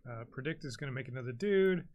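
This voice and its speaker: A chatty young man commentating on a card game stream, easygoing and quick to laugh. He drifts between small talk and calling out the plays. His voice sits at an ordinary middle pitch. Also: animated, dull audio, a little hiss or hum.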